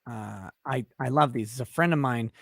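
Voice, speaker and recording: A man's voice: medium pitch, moderate pace, a bit bright, no room sound. A middle-aged man hosting a casual live-stream chat, loose and joking, rambling with restarts. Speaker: host.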